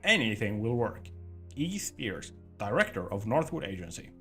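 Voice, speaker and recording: A man reading a letter aloud in a deliberately bad fake American accent, as a formal agency director. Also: lowish voice, very animated, soft background music, full character voice. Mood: formal hammy. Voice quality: loud, hammy reading voice.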